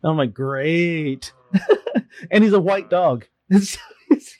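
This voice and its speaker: A man's voice: sits high, unhurried, dry recording. A man telling a story in a casual chat with friends, laughing often and acting out the voices of the people in it. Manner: animated, laughs often, acts out voices in his stories. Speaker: participant sharing a story.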